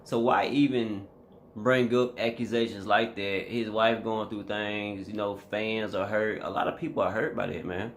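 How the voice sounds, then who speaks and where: A man with a fairly low voice gives a casual reaction commentary straight to his viewers. He talks in an emphatic, slangy way, with a faint hiss of noise under his voice. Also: little pitch movement, moderate pace. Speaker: vlogger.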